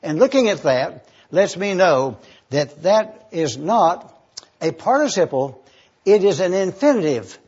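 A man teaching the Bible verse by verse, deliberate and careful, spelling out words letter by letter. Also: sits high, big pitch swings, a little mellow, breathy edge, highs cut off.

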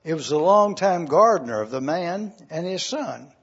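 A man preaching a sermon, telling an illustration as a slow, earnest story and briefly acting out the voices in it. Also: on the high side, expressive, breathy edge, dull audio.

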